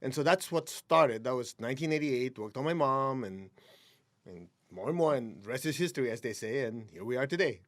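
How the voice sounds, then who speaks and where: Guest healer, male, mid-pitched, calm instructive guide with easy laughs. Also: a little fast. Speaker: energy healing teacher, guest. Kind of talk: guiding a breathing exercise.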